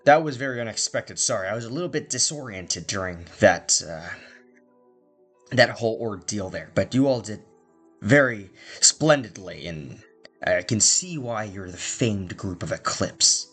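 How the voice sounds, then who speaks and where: A man's voice: fairly low pitch, lively intonation, measured pace, a bit bright, soft background music. A man narrating a tabletop game as game master and speaking for the figures, loose and hesitant, with many fillers.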